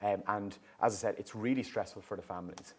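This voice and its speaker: A middle-aged Irish man with a fairly low voice gives a public awareness talk on youth drug use. He explains in a lively, conversational way and keeps checking that the listeners follow him. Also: brisk. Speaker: youth drug and alcohol service worker.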